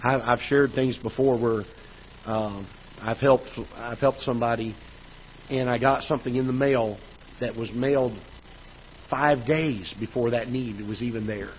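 Male pastor, storytelling sermon, mid-pitched voice, dull livestream sound, faint hiss. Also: steady tone, unhurried. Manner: conversational storytelling, rises loud when recounting frustration. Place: church auditorium. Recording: dull church livestream audio with faint noise.

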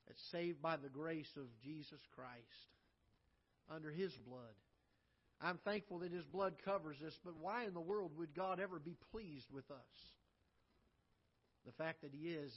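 Pastor preaching with dynamic swells. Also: male voice, slightly rough, muffled recording. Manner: swings from loud emphatic lines to soft low asides. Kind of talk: sermon. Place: church auditorium.

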